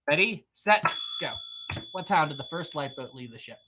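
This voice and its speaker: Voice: mid-range voice, lively intonation, a little fast, pushed and bright, a little hiss or hum. A live-stream trivia host who reads out viewers' answers in casual chat, upbeat, laughing often and repeating praise and questions.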